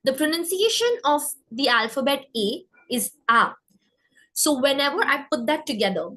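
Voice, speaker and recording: A woman teaching French pronunciation, saying example words slowly so learners can repeat after her. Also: high-pitched, expressive, fairly bright tone, rough recording. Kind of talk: pronunciation lesson.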